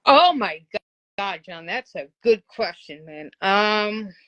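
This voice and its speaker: Female interviewer, mid-pitched voice, enthusiastic fan, casual and exclamatory. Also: animated, slow, fairly bright tone, muffled recording. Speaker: interviewer, host.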